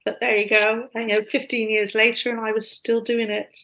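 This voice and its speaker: Lively woman telling a story. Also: fairly high pitch, normal speed, rough recording. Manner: lively, self-deprecating, animated. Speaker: guest storyteller. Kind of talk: casual anecdote telling.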